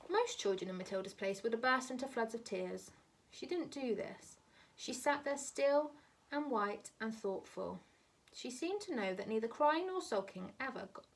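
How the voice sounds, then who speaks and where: A woman teacher reading a children's novel aloud in a steady, measured voice. Her tone sits a little high with a gravelly grain, and she sounds some distance from the microphone.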